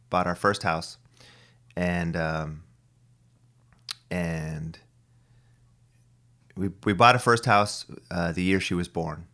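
A man's voice: low voice, fairly bright tone. A man in his thirties hosting a podcast, talking in a loose, rambling and profane monologue with many restarts. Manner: profane, ranting, full of restarts. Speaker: podcast host.

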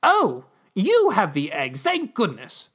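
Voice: medium pitch, sing-song, moderate pace, bright, forceful tone, pitched above the performer's own voice. A reader voicing a smug, scatterbrained male ambassador who fumbles with numbers in a story read aloud.

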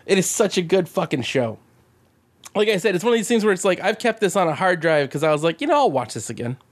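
A man co-hosting a podcast in casual chat, excitable and profane, often breaking into laughter. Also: high-pitched, quick pace. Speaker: podcast co-host.

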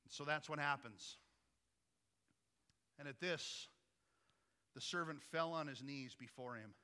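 A man preaches to his congregation as pastor, keeping it conversational and posing frequent questions to his listeners. His voice is a little high, bright, and forceful, with a clean tone and a measured pace, trailed by a long reverb.

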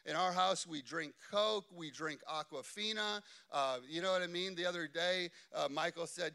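A man's voice: on the high side, brisk, few pauses, clean tone. A man in his thirties preaching a sermon, telling chatty family stories and often checking in with "okay?". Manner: animated, chatty, keeps asking "okay?". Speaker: pastor.

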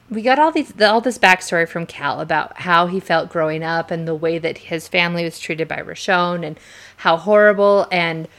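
A woman co-hosting a podcast, chatting casually about a book and retelling scenes with excited, acted-out quotes. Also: fairly low pitch. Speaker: podcast co-host.

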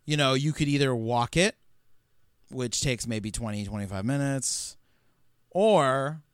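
Smooth-voiced American man, podcast co-host. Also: medium pitch, no room sound, studio quality. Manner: relaxed storyteller, sharing anecdotes. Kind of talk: casual film podcast chat.

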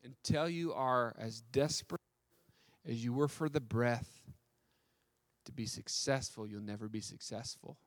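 A man's voice: mid-range voice, a little slow, natural voice. A man, preaching, voicing a wealthy business guru who keeps testing a young man with the same question. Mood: probing. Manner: repeats the same pointed question. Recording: long hall reverb.

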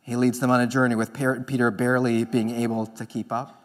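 A pastor preaching a sermon in an earnest manner, moving between emphatic lines and hushed ones. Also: male voice, medium pitch, level tone, a little fast.

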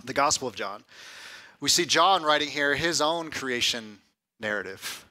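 Bright-voiced man preaching a sermon. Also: medium pitch, lively intonation, measured pace. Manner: conversational preaching, often adds "right?"; builds to loud emphatic lists. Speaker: pastor.

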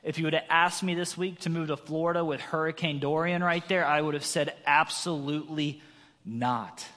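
A man's voice: on the high side, flat delivery, fairly quick, a bit bright. A man in his thirties preaching a sermon, telling a personal story and acting out quotes with a raised voice. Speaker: guest preacher. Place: church sanctuary. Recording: long reverb of a large hall.

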